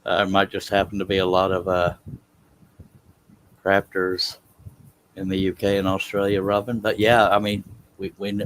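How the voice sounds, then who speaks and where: Low, soothing-voiced man chatting on a live stream. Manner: relaxed, self-deprecating, chuckling asides. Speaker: scroll saw woodworking live streamer. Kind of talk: casual live-stream chat while working.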